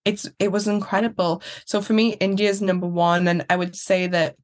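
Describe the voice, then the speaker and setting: A young woman from Newcastle with a soft Geordie accent, chatting as a guest in a relaxed interview and laughing easily. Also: medium pitch, moderate pace. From Newcastle, England. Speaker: guest, pageant finalist. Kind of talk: casual interview chat.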